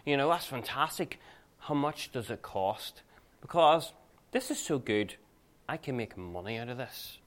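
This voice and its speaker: A man's voice: medium pitch, lively intonation, unhurried, close to an everyday voice. A man voicing a scheming male sorcerer who is eager to buy spiritual power, speaking in an enthusiastic, salesman-like way during a sermon.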